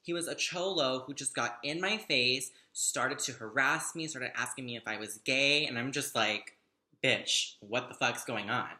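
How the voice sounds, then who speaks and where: A man's voice: mid-range voice, normal speed, few pauses, bright, forceful tone. A young man telling a story to the camera, chatty, gossipy and dramatic, with plenty of swearing. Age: young adult. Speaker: vlogger. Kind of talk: casual storytime monologue.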